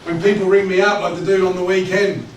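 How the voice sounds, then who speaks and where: Joking pastor in an echoey church. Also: male voice, high-pitched, quick pace. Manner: animated, joking, conversational preaching. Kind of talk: sermon. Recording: echoey church hall from a distance with background noise.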